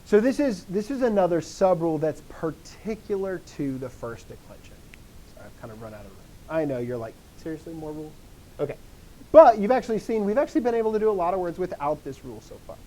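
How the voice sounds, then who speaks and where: Guy with a high voice teaching grammar, excited, keeps asking then answering his own questions. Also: quick pace. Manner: enthusiastic, self-interrupting, asks and answers his own questions. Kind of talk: classroom lesson.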